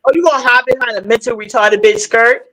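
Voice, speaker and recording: A woman's voice: on the high side, quick pace, a crowd in the background, low-quality recording. A woman on a live stream panel, arguing heatedly, profane and taunting, talking over the others. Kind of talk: heated argument.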